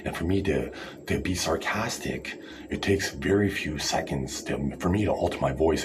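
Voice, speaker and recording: A man's voice: rumbling low, moderate pace. A man ranting in a rambling, sarcastic, profane monologue to camera, calling people idiots. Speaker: vlogger.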